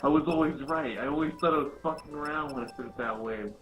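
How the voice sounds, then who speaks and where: A man's voice: a little high, fast, soft background music. A man in casual gaming chat, playful and laughing, swearing freely. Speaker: let's play co-host. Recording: echoey room.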